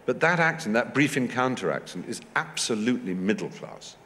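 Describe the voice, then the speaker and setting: A man from England telling anecdotes on a festival stage, fluent and animated, acting out the voices he quotes. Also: medium pitch, fairly quick, few pauses, big-room sound, a little hiss or hum. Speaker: festival guest. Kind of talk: onstage conversation, anecdotal storytelling. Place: festival stage in a large hall or tent.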